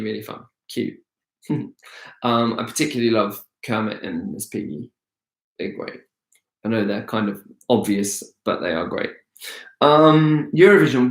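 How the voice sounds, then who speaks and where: A man's voice: medium pitch, a bit bright, echoey room. A man hosting a casual live-stream Q&A as an actor, chatty and rambling with many hesitations. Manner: rambling, hesitant, full of ums.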